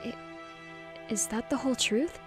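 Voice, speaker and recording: A woman's voice: a little high, moderate pace, faint music behind, voice pushed up, close to an everyday voice. A woman voicing a timid, submissive young man who sounds shaken and hesitant, in an audiobook. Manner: whiny and hesitant.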